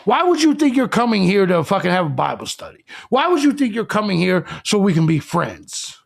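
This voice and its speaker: A combative man hosting a live stream, crudely lecturing his audience. His voice sits very high and swings widely in pitch. A gravelly fry runs under his words. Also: big pitch swings, fairly quick, a little hiss or hum. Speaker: live show host.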